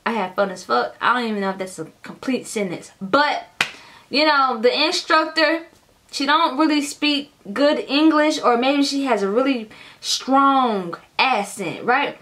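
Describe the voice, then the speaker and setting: High, bright-voiced woman telling a profane storytime. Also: measured pace. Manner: animated, profane storytelling, addresses viewers as y'all. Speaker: vlogger. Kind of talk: casual storytime vlog.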